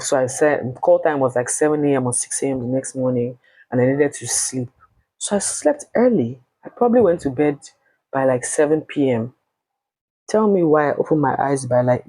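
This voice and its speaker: Husky nigerian woman telling her story, blunt, cursey, dry close sound. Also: extremely low pitch, no echo, rough recording. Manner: blunt, animated, swears freely. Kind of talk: casual personal storytelling.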